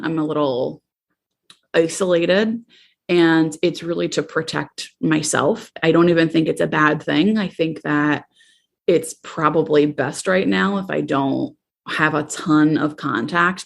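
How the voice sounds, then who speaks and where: A woman therapist in her thirties hosting a podcast, talking candidly and reflectively with many pauses and fillers. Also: low-pitched, creaky. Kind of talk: personal podcast monologue.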